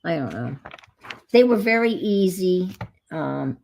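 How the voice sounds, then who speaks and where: A woman's voice: fairly low pitch, sing-song, slow pace, gravelly, darkish tone, a little hiss or hum. A woman hosting a casual live chat while crafting, rambling as she goes and greeting viewers by name. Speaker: craft livestream host.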